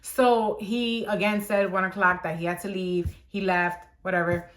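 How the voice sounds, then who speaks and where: A woman's voice: mid-range voice, flat delivery, moderate pace. A young woman casually telling a story about a job, chatty and exasperated, repeating phrases for emphasis.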